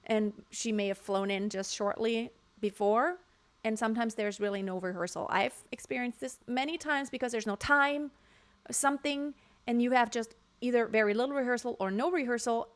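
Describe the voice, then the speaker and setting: A woman's voice: fairly high pitch, normal speed. A woman vocal coach giving frank, emphatic casual commentary from home, now and then breaking into short sung demonstrations. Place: home room near construction noise.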